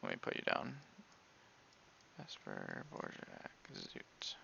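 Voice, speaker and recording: A man's voice: extremely low pitch, huge pitch swings, takes it slowly, vocal fry, pushed and bright, dull audio, slight background noise. A man running a tabletop game as game master, narrating casually with many fillers.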